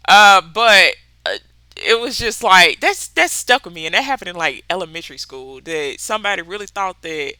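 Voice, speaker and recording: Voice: medium pitch, very animated, normal speed, pushed and bright, clear, resonant tone, dry recording. A podcast host from Mississippi with a Southern accent, talking candidly in a casual solo chat, swearing freely and laughing often. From Mississippi, USA.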